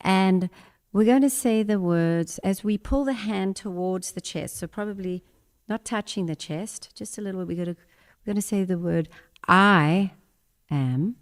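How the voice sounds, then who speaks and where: A woman leading a guided meditation and breathwork in a church service, speaking gentle instructions and repeating affirmations. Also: medium pitch. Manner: slow, gentle spoken guidance with repeated affirmations.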